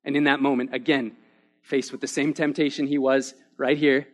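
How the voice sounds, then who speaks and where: A man's voice: medium pitch, little pitch movement, moderate pace. A young man preaching a sermon, casual and peppered with "man", building to impassioned, emphatic peaks. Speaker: pastor.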